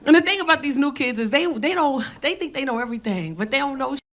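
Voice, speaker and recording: A woman doing stand-up, blunt and profane, shouting punchlines and dropping low for asides. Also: expressive, fast. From South Bronx, New York. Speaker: stand-up comedian. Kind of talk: stand-up routine. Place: comedy club stage.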